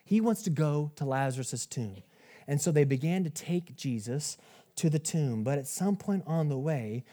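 A man in his thirties preaching a sermon, conversational and animated, often restarting and stepping aside to talk to the congregation. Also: mid-range voice, brisk. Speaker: pastor.

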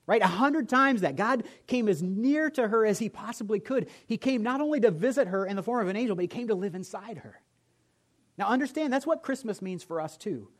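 A male pastor delivering a sermon in a church, his voice sitting a little high for a man. He preaches with a storyteller's humor and swings his volume up and down for emphasis. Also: lively intonation, brisk.

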